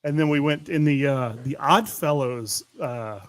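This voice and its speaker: A man's voice: a little high, measured pace. A man from Louisiana hosting a podcast, rambling through stories and laughing often in casual chat. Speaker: podcast host.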